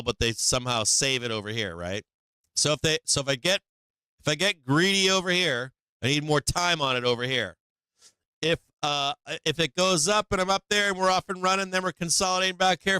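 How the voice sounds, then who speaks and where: Host: man, bright, crisp voice, profane and animated, live trading commentary, dry close mic. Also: on the high side, moderate pace, dry recording. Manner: profane, animated, laughs often, acts out the market. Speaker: livestream trading show host.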